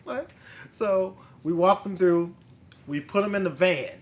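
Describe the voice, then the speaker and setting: Male host with a fairly high voice, a casual, profane storyteller who quotes the people in his story. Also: measured pace. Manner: blunt, profane, animated retelling with quoted dialogue. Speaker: bounty hunter and podcast host.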